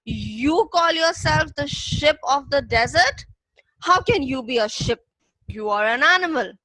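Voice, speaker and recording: A woman's voice: sits high, takes it slowly, fairly bright tone, no room sound, rough recording. A woman reading as a proud, indignant lion king.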